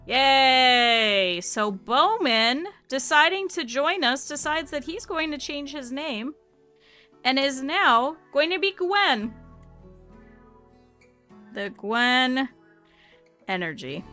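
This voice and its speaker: A woman streamer with a slight lisp, chatting casually and excitedly with viewers while playing a game. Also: sits high. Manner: chatty and animated, often laughing. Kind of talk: casual gameplay chat with viewers.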